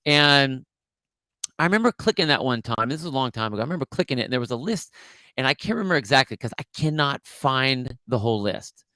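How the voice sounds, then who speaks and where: A man's voice: mid-range voice, lively intonation, quick pace, bright, forceful tone, dry recording. A middle-aged man co-hosting a podcast, rambling through an old memory in casual chat with frequent restarts. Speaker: podcast co-host.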